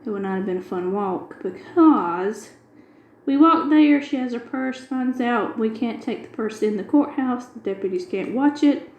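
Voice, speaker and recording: A woman's voice: a little high, normal speed, hardly any pauses, darkish tone, echoey room, highs cut off. Chatty woman telling a rambling story. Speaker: craft video host. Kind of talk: casual chat while diamond painting.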